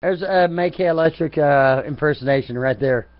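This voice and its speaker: A man's voice: on the high side, normal speed, no room sound. A man hosting a live chat broadcast, rambling in a profane, taunting and mocking way. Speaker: chat room moderator. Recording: dull lo-fi, dry.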